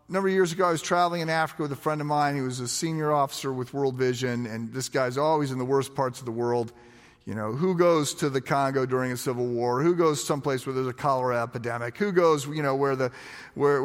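A man preaching a sermon, telling stories with lively quoted voices and frequent word repeats. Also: fairly high pitch. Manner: storytelling, animated, repeats words when quoting others. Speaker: pastor. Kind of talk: sermon with told anecdotes. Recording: long reverb of a large hall.

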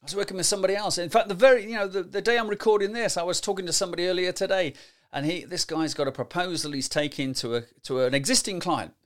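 A middle-aged man gives lively, emphatic podcast advice on presenting, often tagging his points with rhetorical questions. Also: high-pitched, fast. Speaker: presentation skills coach. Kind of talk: solo podcast advice talk.

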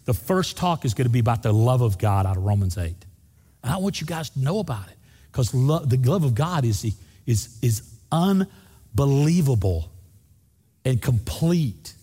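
Preacher, mid-pitched, animated delivery, long church reverb. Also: male voice, moderate pace, husky. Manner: lively preaching, swings up high for emphasis, asks the congregation questions. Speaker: pastor. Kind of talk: sermon. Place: church sanctuary.

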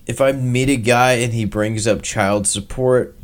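A man co-hosting a casual podcast chat, relaxed and swearing freely. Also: mid-range voice, measured pace. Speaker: podcast co-host.

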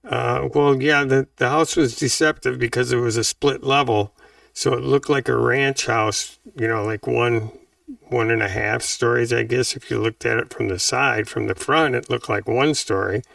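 Older Wisconsin man, very gravelly, rambling guest recalled from a distant mic. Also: mid-range voice, fairly even intonation, moderate pace, fairly bright tone, no echo, studio quality. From Wisconsin, USA. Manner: rambling, self-correcting. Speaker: interview guest. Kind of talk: casual reminiscing.

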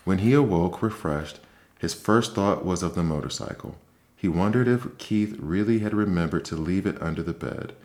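Deep-voiced man reading a bedtime story. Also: normal speed. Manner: soft, calm reading.

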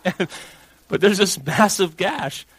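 A man in his thirties, a pastor preaching a sermon and telling a family story with big swings from hushed to loud. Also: sits high, slow, husky, no room sound, low-quality recording.

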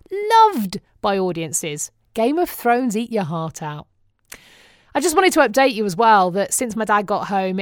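British woman vlogging, wry and jokey, laughs a lot, mid pitch, dead dry sound. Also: dry recording. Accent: British English. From England. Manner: wry and self-mocking, laughs often. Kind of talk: casual chatty monologue. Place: living in Phoenix, Arizona.

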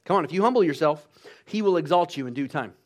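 Preacher, male, slightly high-pitched, lively and engaging with the congregation. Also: quick pace. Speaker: pastor. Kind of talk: sermon.

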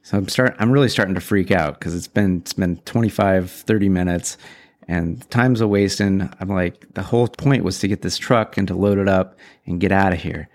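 A man's voice: sits low, moderate pace. A man casually telling a rambling, exasperated story about his weekend, with self-deprecating asides. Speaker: vlogger telling a personal story.

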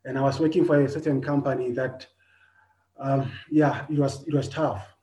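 Earnest preacher in an echoey room. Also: male voice, mid-range voice, steady tone, normal speed. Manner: earnest, repeats phrases, swings between loud and soft. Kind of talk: personal sermon.

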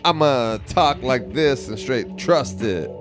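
A man's voice: on the low side, takes it slowly, music in the background. A man voicing a laid-back stoner bro dude who drawls slang and stretches his words out. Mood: mellow.

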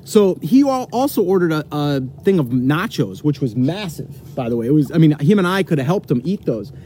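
A man's voice: fairly high pitch, big pitch swings, a little fast, dark tone, a little hiss or hum. A man telling a long story to the camera, rambling with many fillers and restarts. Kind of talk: casual storytelling.

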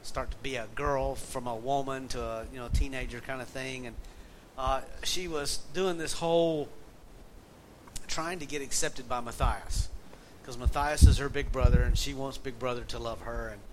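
A man's voice: medium pitch, steady tone, moderate pace. A middle-aged man with a Southern accent preaching a conversational sermon, telling a folksy family story and reading scripture aloud. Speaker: pastor. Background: faint air conditioner hum.

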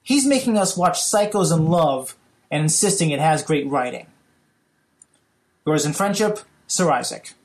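A man with a put-on British accent voicing a pompous gentleman caller in a comic, profane voicemail rant. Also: on the high side, lively intonation, a little slow. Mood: haughty. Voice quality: mock-haughty, profane.

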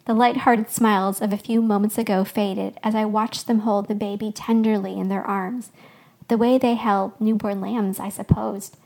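A woman's voice: medium pitch, steady tone, moderate pace, vocal fry, darkish tone. A woman podcast host reading her own story aloud as scripted narration.

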